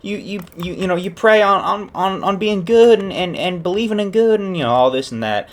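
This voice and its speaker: A man doing a shrill quavery old grandma. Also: lively intonation, a little fast. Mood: pleading. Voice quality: high quavery old-lady voice. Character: frantic nosy old grandmother, shrill and pleading.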